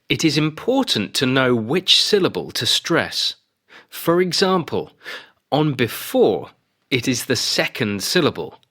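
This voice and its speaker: A man reads course-book audio slowly and precisely, with a bright tone. His pitch moves in a lively way across the examples. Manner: slow, careful, clearly articulated. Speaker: textbook audio narrator. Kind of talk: scripted instructional reading.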